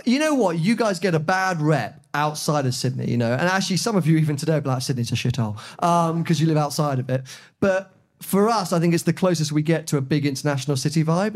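A man co-hosting a podcast in front of a live audience, telling stories and joking with a lot of laughter. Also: fairly high pitch. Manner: chatty, laughing, jokey storytelling. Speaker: podcast co-host. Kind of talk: casual chat before a live audience.

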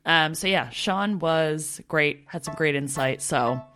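Bright-voiced chatty woman podcast host. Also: deep voice, slow, faint music behind. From Canada. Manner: chatty, laughs often. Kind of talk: casual chat.

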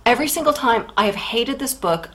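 A woman's voice: fairly high pitch, lively intonation, fairly bright tone, rough recording. A woman co-hosting a book podcast in casual chat, candid and wry. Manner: candid, wry, quick asides. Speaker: podcast co-host.

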